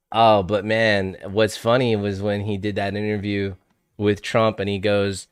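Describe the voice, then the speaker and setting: A man's voice: on the low side, clear, resonant tone, no echo, studio quality. A young adult man hosting a livestream, chatting in a laid-back, slangy way and laughing often. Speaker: trading livestream host. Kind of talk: casual livestream chat.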